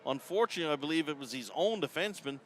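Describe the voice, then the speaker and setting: Calling live sports play-by-play from atop an indoor arena, this Newfoundland man, with the accent of his home in Canada, talks rapid-fire in an expressive voice on the high side. His commentary is chatty and folksy, and he chuckles between calls.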